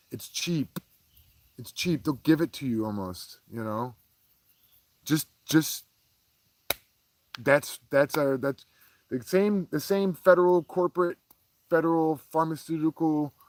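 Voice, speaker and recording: A man around forty, talking in a casual, heated monologue as the host, full of profanity and swinging between low mutters and raised outbursts. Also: no room sound. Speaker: podcast host.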